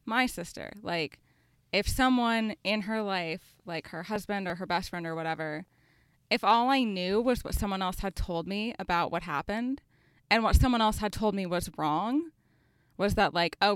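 A woman's voice: mid-range voice, fairly bright tone, clean tone, no echo, studio quality. A woman co-hosting a podcast, chatting casually and thinking aloud, with many filler words. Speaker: podcast co-host. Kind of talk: casual chat.

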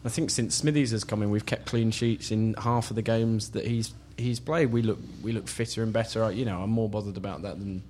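A man's voice: lowish voice, fairly even intonation, a little fast, hardly any pauses, darkish tone, slight background noise. A man on a football podcast panel, giving opinions in casual chat with frequent "you know" fillers.

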